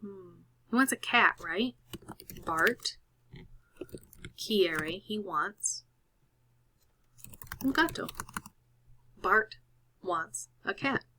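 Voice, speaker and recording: A woman teaching through a recorded screen-share lesson, patient and careful with every step. She talks slowly and unhurriedly. Her voice is bright and clear. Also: medium pitch, a little hiss or hum.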